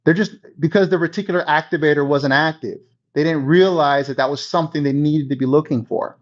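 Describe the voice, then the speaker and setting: A man's voice: fairly high pitch, a little fast. A man giving a conversational real estate coaching talk, often checking in with his listeners. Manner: conversational, checks in with 'okay?' and 'right?'. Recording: dull lo-fi recording.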